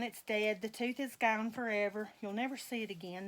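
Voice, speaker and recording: A middle-aged woman, chatting with viewers in a slow, folksy, rambling way and laughing often. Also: a little high, a bit bright. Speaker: vlogger dressing reborn dolls. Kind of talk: rambling casual chat to viewers.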